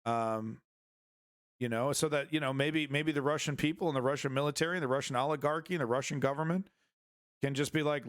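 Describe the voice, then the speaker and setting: A man's voice: mid-range voice, steady tone, fairly quick, fairly bright tone, no room sound, studio quality. A man hosting a live-streamed news show, rambling through casual commentary with crude jokes and many restarts.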